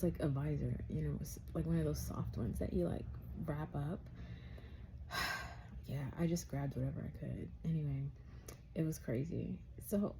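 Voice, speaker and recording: A young woman vlogger telling a casual story, animated and quoting herself in a raised voice. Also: fairly low pitch, slight background noise.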